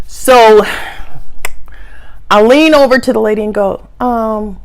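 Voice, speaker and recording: A middle-aged woman telling a personal story to her camera in a chatty, animated way, sometimes dropping to a hushed aside. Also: takes it slowly. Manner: animated, chatty, big pitch swings, drops to a hushed aside. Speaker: vlogger.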